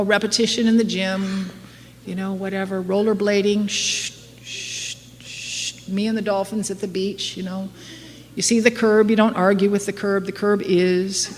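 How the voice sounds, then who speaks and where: A middle-aged woman giving a candid, self-mocking recovery talk to a live audience, laughing often. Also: mid-range voice. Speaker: AA speaker. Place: meeting hall before an audience. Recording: live hall with long reverb, faint noise.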